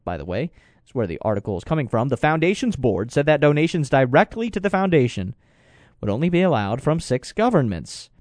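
A man's voice: mid-range voice, darkish tone, no echo. A man giving rambling, digressive commentary with sarcastic asides. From United States. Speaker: political commentator. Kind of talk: casual talk commentary.

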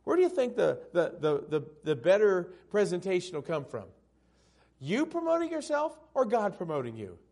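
A male pastor preaching a sermon, swinging from loud, emphatic peaks down to hushed, tender passages. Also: high-pitched, very animated, moderate pace.

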